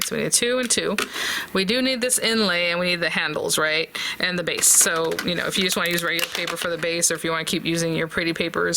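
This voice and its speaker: A woman's voice: lowish voice, noisy background. A woman hosting a casual papercraft tutorial, chatty and thinking aloud as she talks to her viewers. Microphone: close desk mic.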